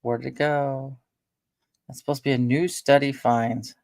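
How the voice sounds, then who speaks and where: A woman's voice: very deep voice, steady tone, measured pace, darkish tone, no room sound. An older woman chatting casually on her vlog at home, rambling with lots of fillers. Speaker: vlogger. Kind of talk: casual chat.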